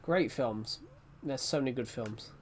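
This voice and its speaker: A man's voice: mid-range voice, unhurried, slight background noise. A young man streaming a game, chatting casually and rambling between laughs. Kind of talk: casual live-stream chat.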